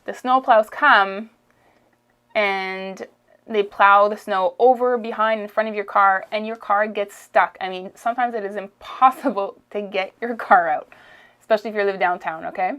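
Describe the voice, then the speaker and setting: A woman's voice: medium pitch, steady tone, normal speed, dull audio. A woman with a Quebec French accent teaching French expressions in a casual lesson, repeating phrases and checking in with "okay?". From Quebec, Canada. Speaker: language teacher.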